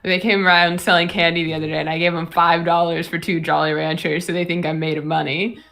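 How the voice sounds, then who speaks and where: A woman's voice: fairly low pitch, little pitch movement, fast talker, gravelly, a bit bright, soft background music. A woman chatting casually with fellow players, making wry laid-back asides. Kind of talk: casual chat between tabletop game players.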